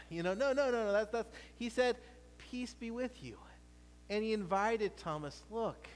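A man preaching a sermon as pastor, animated and playful, often restarting his words. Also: sits high, long reverb tail.

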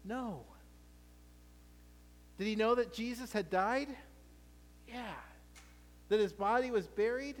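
A man preaching a sermon as pastor, animated and playful, often restarting his words. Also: very high-pitched, takes it slowly, long pauses, big-room sound.

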